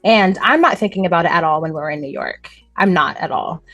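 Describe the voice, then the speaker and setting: A woman co-hosting a podcast, telling stories in an animated, chatty way and laughing often. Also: fairly low pitch, fairly quick, no echo, dull audio, faint music behind. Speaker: podcast co-host. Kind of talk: casual chat.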